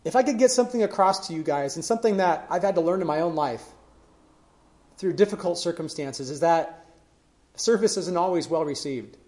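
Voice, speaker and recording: A man's voice: a little high, expressive, brisk, darkish tone. A man preaching a sermon in an earnest way, building emphasis through questions. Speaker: pastor.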